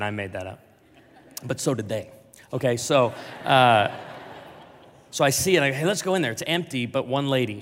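Guy preaching, joking around telling a story, mid-pitch voice, long hall reverb. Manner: animated, jokey, big swings in volume and pitch. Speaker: pastor. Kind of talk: storytelling sermon.

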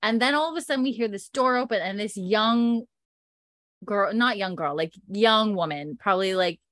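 A woman recaps a story in a loose, chatty way, packed with fillers and quick laughs. Her voice sits at a middle pitch. The recording is dry and close. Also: fairly bright tone, no echo.

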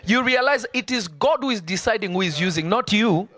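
A man preaching a live sermon, emphatic and conversational, breaking into quick asides. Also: high voice, lively intonation, bright, forceful tone.

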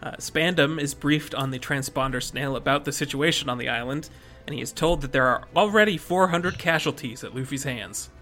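Bright-voiced laughing podcast host. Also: male voice, medium pitch, a little fast, faint music behind. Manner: laughs often, summarizes plot between jokes. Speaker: podcast host recapping chapters. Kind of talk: casual podcast chat.

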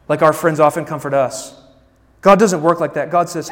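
Animated pastor preaching in a hall. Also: male voice, a little high, normal speed. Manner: casual, animated preaching with direct asides to the congregation. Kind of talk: sermon. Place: church hall.

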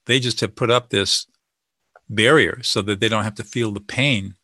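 Bright-voiced man confidently explaining techniques. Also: on the low side, normal speed, no echo, clean studio sound. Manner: confident, teaching, acts out sample dialogue. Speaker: guest expert on listening and de-escalation. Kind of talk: explanatory interview talk.

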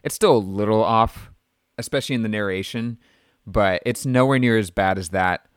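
Man, low voice, dry close sound, chatty film talk with plenty of filler words. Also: normal speed, smooth, dry recording. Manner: chatty, animated, lots of fillers. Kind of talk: casual film discussion.

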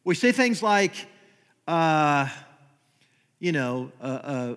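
Male preacher, lively rather high voice, conversational sermon, rhetorical questions, long hall reverb. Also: drawn-out words, long pauses, clean tone. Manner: conversational, asks rhetorical questions, repeats words. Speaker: guest preacher. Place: church sanctuary.

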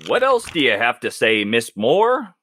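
A man's voice: medium pitch, huge pitch swings, unhurried, bright, forceful tone, slight background noise, full character voice. A man playing a flustered, bashful young male spy in an improvised tabletop role-play.

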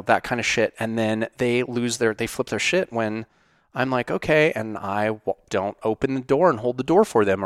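A middle-aged man hosting a casual monologue, answering viewer questions in a blunt, profane, animated way. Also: lowish voice, clear, resonant tone, dry recording, clean studio sound. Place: home studio.

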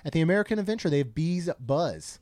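A chatty, joking man co-hosts a casual podcast, reading menu items aloud with quick asides. His voice sits slightly high for a man. The sound is close and dry. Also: big pitch swings, a little mellow, no echo. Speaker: podcast co-host.

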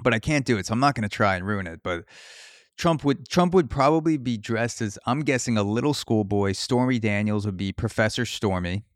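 A man's voice: fairly low pitch, fairly quick, no room sound, studio quality. A man hosting a podcast, riffing through a profane comedic solo monologue. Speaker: podcast host.

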